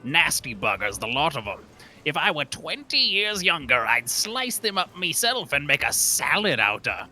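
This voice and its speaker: A man's voice: on the high side, sing-song, moderate pace, pushed and bright, exaggerated voice, poor audio. A man doing a blustery old merchant. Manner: blustery old-timey speech. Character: gruff old male merchant, bluff and crotchety. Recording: music playing underneath.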